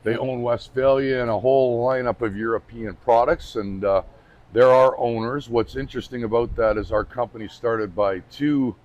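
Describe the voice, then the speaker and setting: Chatty man with a middle-pitched voice. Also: steady tone, normal speed, darkish tone, highs cut off. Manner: informal and chatty, restarts sentences, light jokes. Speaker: company representative presenting the brand. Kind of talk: casual on-camera talk.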